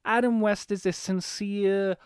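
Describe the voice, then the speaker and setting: A man in casual chat, talking fast and animatedly, laughing often and swearing casually. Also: high-pitched, steady tone, clean tone, no echo, studio quality. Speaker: podcast co-host discussing a film.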